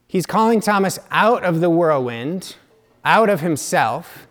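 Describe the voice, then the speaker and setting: A man preaching a sermon in a slow, reflective way, dropping now and then to hushed asides. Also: high-pitched.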